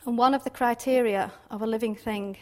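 Woman, informal Bible teacher, slightly high-pitched, chatty with frequent tag questions. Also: fairly even intonation, fairly quick, darkish tone. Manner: chatty, laughs often, many tag questions. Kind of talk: informal devotional talk.

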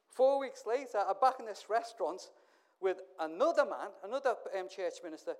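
A pastor preaching through anecdotes. He acts out each exchange in quick back-and-forth and breaks off into wry, self-deprecating asides. His delivery is casual and conversational rather than grand. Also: high voice, lively intonation. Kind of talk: storytelling sermon.

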